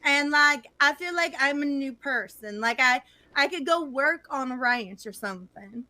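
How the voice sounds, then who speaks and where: A high, bright voice plays a ditzy suburban would-be cowgirl , as a woman acts her out. She rambles, stuffing her talk with "like," over a video call mic. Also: animated, normal speed. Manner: rambling, valley-girl "like" talk. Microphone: computer mic on a video call.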